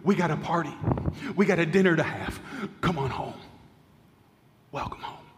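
A man preaching in a church, telling a story with a slightly raised voice. He slows down and falls to near whispers at the tender moments. His words trail off into the long reverb of a large sanctuary. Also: on the high side. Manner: dramatic storyteller, drops to hushed tones. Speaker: pastor. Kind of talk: sermon storytelling.

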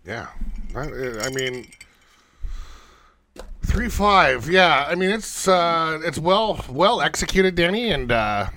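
A man hosting a casual podcast chat, relaxed and swearing easily. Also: on the high side, takes it slowly, long pauses, slight background noise. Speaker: podcast host.

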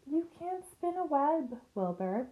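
A wise, calm female spider explains things patiently, in a gently raised voice, as a woman reads her aloud. It is a storybook reading, and her tone is fond and sure of itself. She speaks a little above the reader's plain pitch. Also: slow pace, exaggerated voice, low-quality recording.

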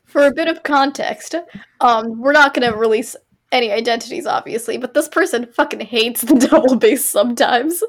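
A woman with a high, light voice co-hosts a casual podcast. She is blunt and teasing, dropping swear words and mock advice. She laughs through her own jokes. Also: moderate pace. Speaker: podcast co-host.

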